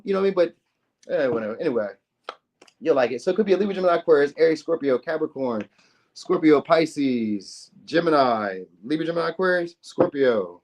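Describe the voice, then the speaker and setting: Brisk and lively in intonation, this tarot reader has a somewhat high, slightly mellow voice. Reading casually to camera, he chats in slang, swears freely, and acts out quoted lines of what people might say.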